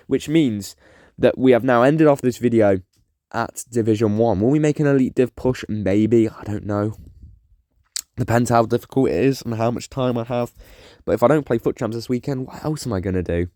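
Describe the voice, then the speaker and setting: A man's voice: lowish voice, no room sound. Guy narrating his football game, chatty, jokey, dry close sound. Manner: chatty, self-mocking, excitable when scoring. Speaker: gaming YouTuber. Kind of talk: casual gameplay commentary.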